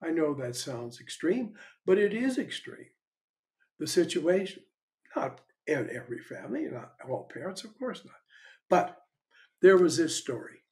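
An older man speaking as a spiritual teacher, his voice sitting a little high for a man. He teaches in a frank, conversational way and drifts easily into stories, with thoughtful pauses between phrases. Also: big pitch swings, darkish tone.

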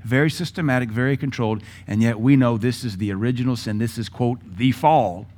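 A man's voice: mid-range voice, fairly even intonation, fast, a little mellow. Middle-aged male pastor, emphatic sermon delivery in punchy bursts. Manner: emphatic, punchy lists of words.

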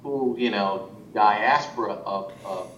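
A man's voice: slow pace, fairly bright tone, recorded from a distance. Rambling male animation director, roomy sound. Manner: rambling, many restarts and fillers. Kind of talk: casual interview talk. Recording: roomy, muffled sound from off-mic with faint rumble.

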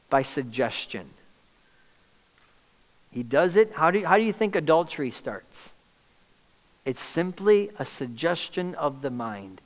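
A man's voice: fairly high pitch, sing-song, a little slow, long pauses. A man preaching a sermon as pastor, asking the congregation to call out missing words. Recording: long reverb in a large hall.

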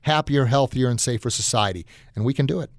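A man's voice: medium pitch, fast talker, no echo, studio quality. A man hosting a motivational podcast, talking in a folksy, encouraging way with frequent filler words. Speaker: podcast host. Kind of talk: motivational talk.

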